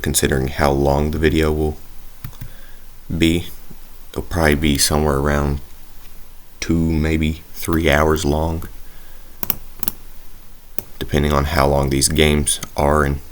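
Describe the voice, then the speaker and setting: A young man casually commentating his own football video game play, rambling and hesitant with many fillers. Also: rumbling low. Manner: rambling, hesitant, self-deprecating. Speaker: gaming YouTuber.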